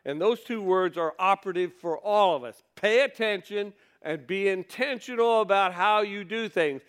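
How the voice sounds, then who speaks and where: A pastor with a high, fairly bright voice preaches at a normal speed in a conversational style. He reads scripture aloud and poses rhetorical questions to his listeners.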